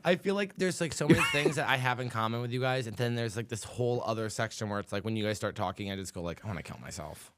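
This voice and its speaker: A man's voice: mid-range voice, quick pace, hardly any pauses, fairly bright tone, smooth, no room sound. A man in casual podcast banter as a guest comedian, laughing often and rambling with restarts.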